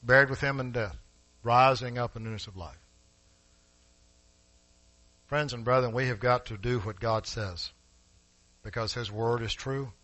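A man preaching a sermon in a church, emphatic and rising to forceful peaks, speaking directly to his congregation. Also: mid-range voice, unhurried, pauses often, no room sound, poor audio. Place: church sanctuary.

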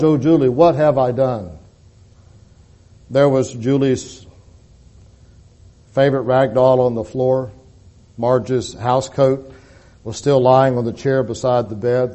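A man reading a dramatic story aloud as narrator, solemn, rising to loud peaks and then sinking to a hush. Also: medium pitch.

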